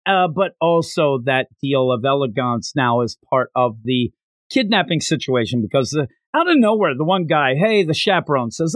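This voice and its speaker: A man co-hosting a casual podcast chat, animated, acting out quotes with big jumps in pitch. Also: normal speed, no echo. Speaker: podcast co-host. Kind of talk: casual chat recapping an anime episode.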